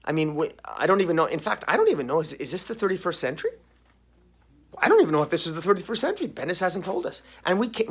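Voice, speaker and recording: A man's voice: on the high side, husky. A man giving a sarcastic, exasperated solo review, full of rhetorical questions and restarts. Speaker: comic book reviewer.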